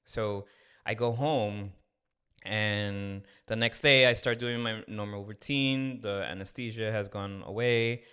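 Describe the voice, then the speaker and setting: In a clear, resonant voice of fairly low pitch, a man in his thirties slowly relates a candid personal story on the podcast he co-hosts. He's animated throughout, acting out the conversations in a casual storytelling mode.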